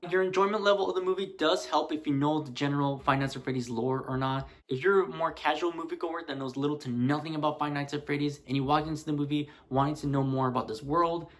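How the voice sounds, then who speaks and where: A man talks through horror film picks in a loose, casual vlog manner, sprinkling "like" throughout. His speaking voice sits a little higher than most men's. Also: steady tone, fast talker, few pauses. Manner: chatty, loose, many "like" fillers. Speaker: movie reviewer.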